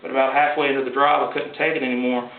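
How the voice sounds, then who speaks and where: A man reading his own story aloud at a live event in a gallery, in a plain, wry, unhurried way. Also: mid-range voice, flat delivery. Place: art gallery. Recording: echoey gallery from far off, tinny with hiss.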